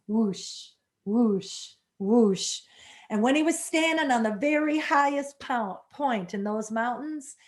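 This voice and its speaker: Slow dramatic woman storyteller. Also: sits high. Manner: dramatic, slow, with spoken sound effects. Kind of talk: folk tale storytelling.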